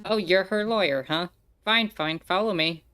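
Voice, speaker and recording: A woman voicing a gruff, curt prison guard in a bird detective game, snapping short orders. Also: lowish voice, normal speed, fairly bright tone, faint music behind, lightly acted. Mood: brusque. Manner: brusque, impatient.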